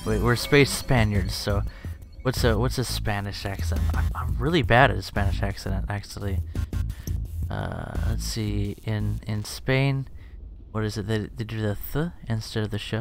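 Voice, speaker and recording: A man's voice: fairly low pitch, animated, moderate pace, gravelly. A man giving casual, joking, self-deprecating commentary as he plays a strategy game and thinks aloud. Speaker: let's play streamer. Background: game music.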